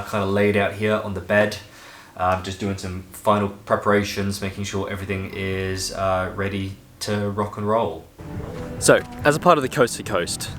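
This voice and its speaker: A man's voice: fairly low pitch, a bit bright, slight background noise. A man hiking and vlogging to a handheld camera outdoors on a coastal trail, chatty and upbeat, with frequent fillers. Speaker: hiker vlogger. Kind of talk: casual travel vlog.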